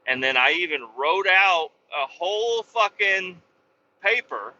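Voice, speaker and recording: Bright-voiced trucker, cursing casually. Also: male voice, high voice, a little slow. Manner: profane, animated storyteller. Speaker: truck driver. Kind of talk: casual vlog storytelling. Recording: dull lo-fi sound.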